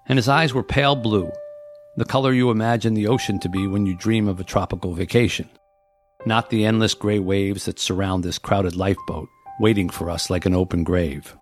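A man, the author, reading the opening of his novel aloud and then explaining its premise in an earnest, measured storytelling manner. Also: fairly low pitch.

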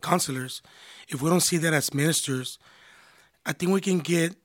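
Man, pastor, marriage counselor, earnest, restarts phrases, higher voice. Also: moderate pace. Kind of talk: casual conversation.

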